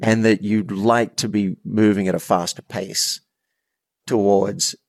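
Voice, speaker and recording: An Australian man in his fifties, a coach telling stories as a podcast guest in an earnest, animated way with frequent restarts. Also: lowish voice, unhurried, gravelly, dry recording, clean studio sound. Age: 50s. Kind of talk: storytelling in a podcast interview.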